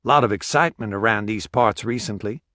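A man's voice: on the low side, brisk, a bit bright, no room sound, clean studio sound, close to an everyday voice. A man voicing an adult male reporter who asks friendly, offhand questions. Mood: casual.

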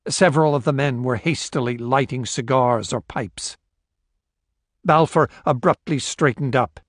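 A man's voice: medium pitch, unhurried, dry recording. Man narrating an audiobook, dry sound. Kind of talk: scripted narration.

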